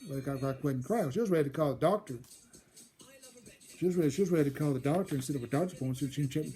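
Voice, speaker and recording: A storyteller host with a medium-pitched, dark voice recounts a personal childhood story. He rambles, often repeating and restarting his phrases.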